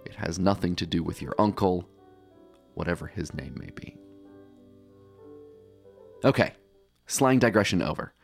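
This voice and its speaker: A man's voice: low-pitched, animated, measured pace, gravelly, pauses often, soft background music. Wry man narrating a podcast. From United States. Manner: wry, playful. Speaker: podcast host.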